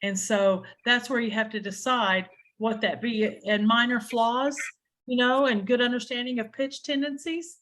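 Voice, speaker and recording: A woman with a slightly high voice leads a training session over a video call. She explains in a loose, conversational way, circling back and restarting her sentences as she works through a point. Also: steady tone, moderate pace, fairly bright tone. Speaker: adjudication trainer.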